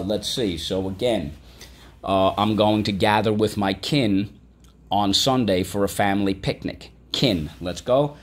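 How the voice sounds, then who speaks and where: A male teacher with a lowish voice gives children a patient vocabulary lesson, spelling out words and asking the class to repeat them.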